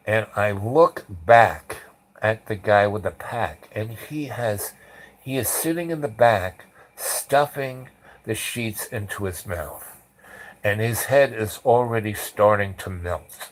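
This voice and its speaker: Middle-aged male storyteller, lowish voice, loose rambling delivery, bursts into acted voices. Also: slow, low-quality recording. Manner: animated storyteller acting out quotes loudly. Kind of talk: rambling anecdote.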